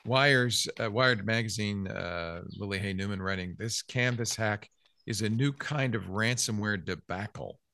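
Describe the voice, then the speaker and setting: A man's voice: on the low side, measured pace, pushed and bright, no echo, studio quality. A man hosting a casual tech news chat, reading out news quotes with jokey asides. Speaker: podcast host.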